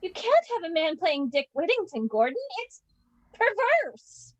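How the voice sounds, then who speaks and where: A woman's voice: very high-pitched, sing-song, a little slow, highs cut off, full character voice. A woman reading the part of a timid, flustered female stagehand with a meek, dithering manner in an amateur play reading.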